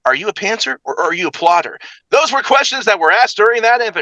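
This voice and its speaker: A man's voice: sits high, big pitch swings, fast talker, bright, forceful tone, dry recording, pitched above the performer's own voice, exaggerated voice, low-quality recording. A man putting on the voice of a pumped-up male countdown show host, with a bouncy announcer delivery full of jokey asides. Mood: showy.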